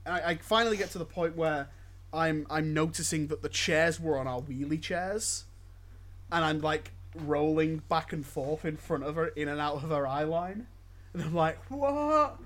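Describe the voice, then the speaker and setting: A man's voice: fairly high pitch, a bit bright. A man co-hosting a podcast, telling a story in casual chat with stammers and restarts. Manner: stammering, jokey, laughs through his lines. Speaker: podcast co-host.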